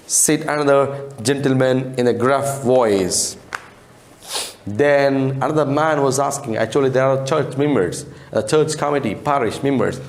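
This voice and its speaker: A man's voice: medium pitch, measured pace. A man teaching an English lesson on a classic novel, speaking simple non-native English. He explains the story line by line and raises his voice for the characters' lines. The room around him sounds echoey.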